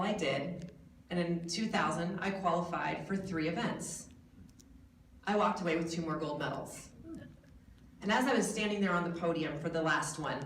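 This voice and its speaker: A woman's voice: on the low side, far from the mic, slight background noise. Wisecracking woman speaking in an echoey hall. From United States. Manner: jokey, self-mocking storytelling. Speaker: guest speaker. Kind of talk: motivational keynote speech. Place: large hotel event hall.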